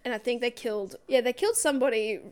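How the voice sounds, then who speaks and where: A woman's voice: on the high side, fast, darkish tone, clean tone. A woman in a casual book discussion, rambling through a plot retelling with lots of "like".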